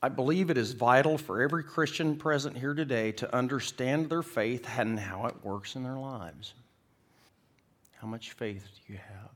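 A man's voice: medium pitch, moderate pace, a bit bright. A middle-aged man preaching a sermon, telling stories in a folksy, joking way and acting out the people in them. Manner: folksy storytelling, acts out characters in the joke. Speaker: pastor. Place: church.

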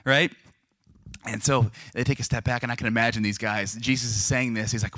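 A young male pastor preaches with a lively, joking delivery and acts out the voices of people in his stories. His voice sits at an ordinary middle pitch. The sound is dry and close, with almost no room echo. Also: fast talker. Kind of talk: sermon.

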